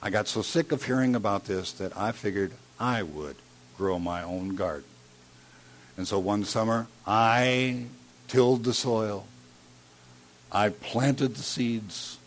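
An Iowa pastor delivers a sermon built around a personal story, alternating loud, emphatic passages with hushed, quiet ones. His pitch is fairly low, he speaks slowly, and there's a slight hiss or hum in the recording.

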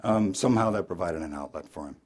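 A male pastor preaching an Easter sermon, telling a story dramatically and moving between loud emphasis and hushed, earnest appeals. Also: sits low, quick pace.

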